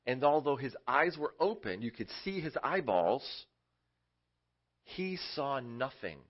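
Man, children's Bible teacher, chatty and question-asking, mid-pitched voice, dull lo-fi recording. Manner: conversational, asks the audience questions. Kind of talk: casual Bible lesson for kids.

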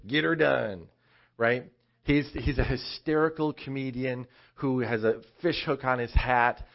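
Conversational male preacher, slightly dull sound. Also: mid-range voice. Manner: conversational, animated storytelling preacher. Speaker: pastor. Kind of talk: sermon.

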